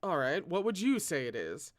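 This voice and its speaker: A man's voice: a little high, sing-song, moderate pace. A man voicing an impatient young man who answers bluntly. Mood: terse.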